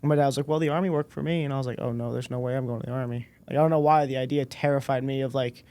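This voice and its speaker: A man in his twenties, a podcast guest, telling a personal story in a relaxed way and acting out the dialogue. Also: medium pitch, rapid-fire. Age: 20s. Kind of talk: casual storytelling interview.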